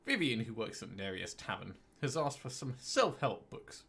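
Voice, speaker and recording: A man's voice: fairly low pitch, sing-song, moderate pace, vocal fry, a bit bright, breathy edge, heavily acted. A man reading out a game's bookworm, busy and distracted, hooked on his novel.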